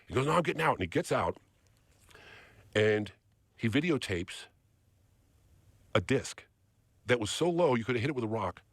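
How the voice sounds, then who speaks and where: A man with a lowish, husky voice tells a story as a podcast guest. His pitch swings widely as he acts out the lines of the people in it. The studio mic sounds close and dry, with no room around it. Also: very animated, unhurried, pauses often, no echo. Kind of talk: animated storytelling.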